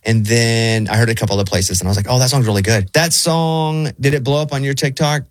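A man hosting a radio show, asking a guest questions in a relaxed, joking way. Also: medium pitch, fairly quick, dry recording, clean studio sound. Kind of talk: casual interview chat.

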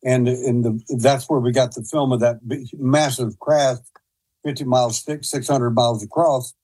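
A man's voice: medium pitch, steady tone, moderate pace, darkish tone, husky, low-quality recording. A man who is a guest on a talk show, telling rambling stories with many hesitations and restarts. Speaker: guest investigator. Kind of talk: casual storytelling.

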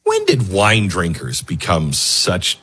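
A man's voice: sits low, slow pace, slightly rough. A man hosting a talk show, giving sarcastic, mocking opinionated commentary. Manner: sarcastic, mocking, lively with laughs.

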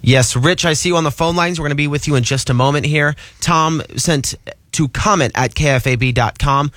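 A man co-hosting a talk radio show, briskly reading listener emails and taking calls. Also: fairly high pitch, fairly bright tone, no echo, clean studio sound. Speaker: radio co-host. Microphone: studio mic.

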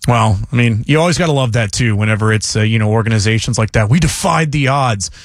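A man's voice: fairly low pitch, no echo. Emphatic male sports radio host, dry studio. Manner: animated, emphatic, quick with frequent restarts. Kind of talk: morning sports talk radio chat. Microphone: studio microphone.

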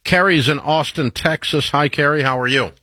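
A man hosting a radio call-in advice show, talking brisk and emphatic. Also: a little high, bright, forceful tone, no echo.

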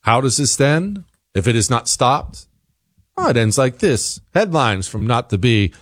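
A man hosting a talk radio show, delivering an opinionated monologue with sarcasm and emphatic jumps in pitch. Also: big pitch swings, unhurried, no echo, studio quality.

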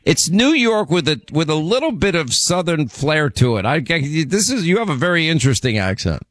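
A man's voice: on the high side, big pitch swings, brisk, a bit bright, dry recording, studio quality. A man hosting a call-in radio show, chatting with callers and rambling through personal stories. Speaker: radio talk show host.

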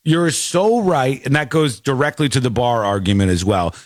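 A man's voice: medium pitch, normal speed, dry recording. Talk show host guy, ranting, voice jumping all over, dry close mic. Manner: animated, ranting, acts out quotes. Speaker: podcast host. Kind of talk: casual chat.

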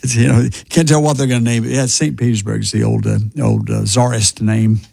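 A man in casual talk-show chat about current events, relaxed and folksy with frequent fillers. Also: mid-range voice, brisk, vocal fry, no room sound, studio quality.

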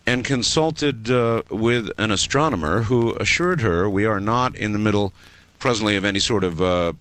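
A low-voiced man hosting a late-night radio show. He tells his stories in a rambling, folksy way, halting often on fillers. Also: fairly bright tone, no room sound. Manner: rambling, hesitant, folksy storytelling with many fillers. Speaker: radio talk show host.

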